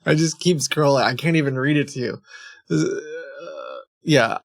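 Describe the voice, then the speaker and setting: A man's voice: a little high, unhurried, gravelly, no room sound, clean studio sound. A man streaming live, chatting casually and reading chat logs aloud with many ums and restarts.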